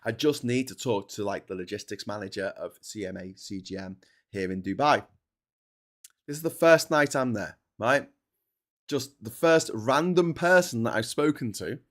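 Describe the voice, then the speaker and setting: A man, his voice sitting a little on the low side, spins a meandering travel yarn for his livestream audience. He talks loosely and casually, wandering off on tangents before finding his way back to the story. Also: expressive, moderate pace, fairly bright tone. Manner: chatty storyteller, digressive, stops to chat while eating. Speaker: livestream host. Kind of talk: rambling travel anecdote on a livestream.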